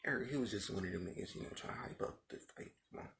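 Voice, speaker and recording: Gravelly low-voiced young man. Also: rapid-fire, a bit bright, slight background noise. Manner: rambling, profane, repeats himself. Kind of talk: casual storytelling.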